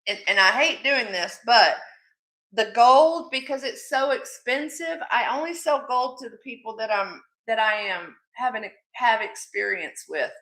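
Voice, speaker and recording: Bright, unhurried woman hosting a live sale. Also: a little high, echoey room. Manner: chatty and affectionate, calls viewers sweetie. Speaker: live jewelry sale host. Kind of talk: live-stream selling chat.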